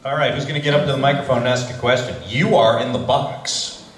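A man's voice: medium pitch, steady tone, fast, a bit bright. A man on a convention panel who talks in a chatty, self-interrupting way and calls on fans. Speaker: voice actor panelist and moderator. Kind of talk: convention Q&A chat. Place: convention hall. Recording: roomy convention hall.

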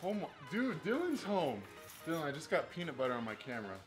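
A man's voice: a little high, sing-song, fast, music in the background. Overdramatic young male vlogger. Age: 20s. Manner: playfully overdramatic, jokey. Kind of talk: casual vlog chat to camera.

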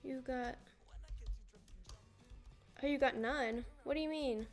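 A chatty young woman talks to her viewers while she plays, rambling from one thing to the next in a fairly high voice. Faint music plays behind her. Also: slow. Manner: chatty, rambling, often laughing, greeting viewers. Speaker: streamer. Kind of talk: casual livestream chat while gaming. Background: music playing.

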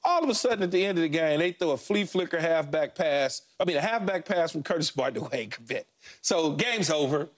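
A middle-aged man co-hosting a sports talk show, telling stories about his playing days in animated, punchy fragments with lots of repeats. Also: a little high, fairly quick. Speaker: sports talk show co-host, former NFL receiver. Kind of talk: casual sports talk storytelling.

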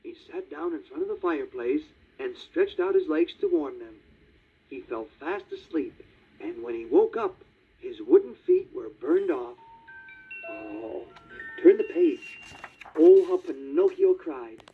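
A man narrating a read-along children's storybook in a lively, child-friendly way. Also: a little high, measured pace, slightly rough, faint music behind. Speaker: storybook reader. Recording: tinny 1950s vinyl record.

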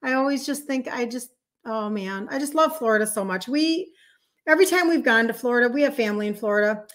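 Woman in her fifties, Minnesotan accent, live-stream host, chatty, slightly high voice, reads out viewer comments. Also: fast talker, a bit bright. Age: 50s. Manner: chatty, greets viewers and answers comments on the fly. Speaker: host, health coach.

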